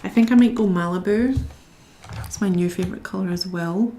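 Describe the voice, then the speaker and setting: Chatty, gravelly young woman from Scotland. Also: medium pitch, warm tone, slight background noise. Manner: chatty and unhurried, reading out viewer comments and talking to herself while she works. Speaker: live stream host. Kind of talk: casual live-stream chat while colouring.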